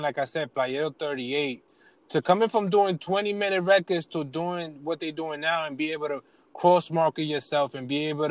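A man in a casual chat, relaxed and agreeable, speaking in slang. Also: on the high side, dry recording, rough recording.

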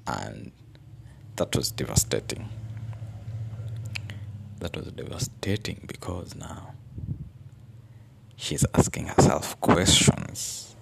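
A man's voice: very deep voice, expressive, slow pace, vocal fry, pauses often, husky. A young adult man, telling a personal story in an earnest, reflective way as a podcast host. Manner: earnest, reflective, searching for words.

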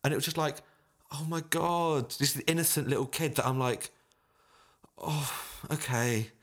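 A man's voice: fairly high pitch, unhurried. A man, a pianist at auditions, telling a story and acting out the voices and tunes in it. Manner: lively storyteller, acts out voices and hums tunes. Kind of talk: casual anecdote.

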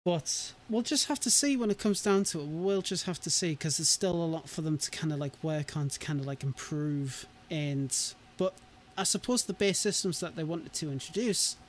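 Male streamer, slightly high voice, rambling and easygoing, laughs a lot. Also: normal speed, few pauses, a little hiss or hum. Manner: rambling, hesitant, laughs often. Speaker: streamer hosting a modding chat. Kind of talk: casual livestream chat.

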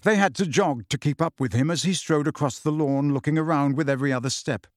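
Male audiobook narrator, steady scripted reading, fairly high pitch. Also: quick pace, no room sound. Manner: steady storytelling. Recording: dry close studio sound.

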